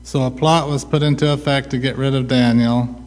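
A man preaching a sermon, asking rhetorical questions and answering them himself with a slow, deliberate delivery. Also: medium pitch, steady tone, a little mellow. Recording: long hall reverb.

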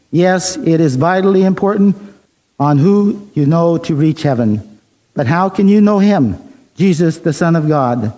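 A man preaching a sermon, telling a story in a measured way and reading the dialogue plainly. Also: a little high, lively intonation, warm tone, rough recording.

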